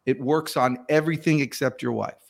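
A man's voice: medium pitch, fairly quick, vocal fry. A man, a sales coach talking animatedly and acting out phone calls in a guest interview. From Southern United States. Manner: lively, acts out phone calls in different voices.

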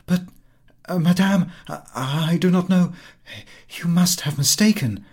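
A man reading a story, voicing an astonished, genteel young Parisian lady with breathy, startled exclamations. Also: fairly high pitch, slow, pitched above the performer's own voice.

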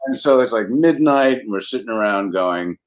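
A man's voice: lowish voice, moderate pace. An older man, a comedy writer, casually telling anecdotes, laughing often and acting out quotes. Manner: animated storyteller, laughs often, acts out quotes.

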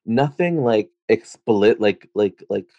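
Comedian guest, male, thirties, low and gravelly, casual and rambling. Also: lively intonation, slow pace, warm tone, no room sound, dull audio. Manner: rambling, filler-heavy storytelling. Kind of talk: casual chat.

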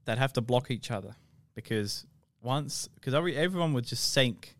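A man's voice: mid-range voice, animated, moderate pace, no echo. Rambling man asking questions. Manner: rambling, heavy with "like" and "obviously", swears. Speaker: podcast co-host asking questions. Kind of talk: casual chat.

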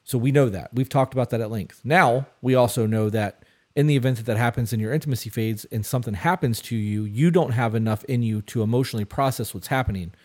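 A man's voice: medium pitch, quick pace, a little mellow. A man in his thirties co-hosting an advice podcast, talking casually and bluntly, swearing and repeating himself for emphasis. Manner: blunt, profane, repetitive. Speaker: podcast co-host.

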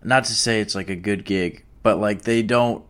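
A man's voice: fairly low pitch, steady tone, moderate pace, fairly bright tone, smooth. A man in casual conversation, laid-back and hedging his points with frequent fillers.

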